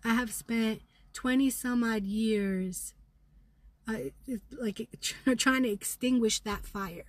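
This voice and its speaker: A middle-aged woman in a raw spiritual vlog, angry and seething, talking fast and intensely, swearing, sometimes dropping to a whisper. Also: fairly high pitch, no room sound. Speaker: vlogger.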